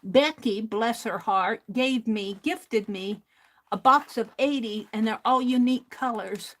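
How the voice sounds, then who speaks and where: A woman's voice: on the high side, slow, fairly bright tone. A woman hosting a crafting livestream, chatting to viewers while she works and laughing often. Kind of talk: casual crafting chat while working.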